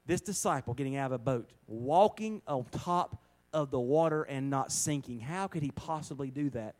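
A man's voice: mid-range voice, warm tone. A man preaching a sermon, telling stories in an emphatic, folksy way and repeating phrases for stress.

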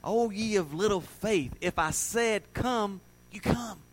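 A man with a fairly high voice voicing Jesus as a calm, reassuring teacher, in slow, steady phrases.

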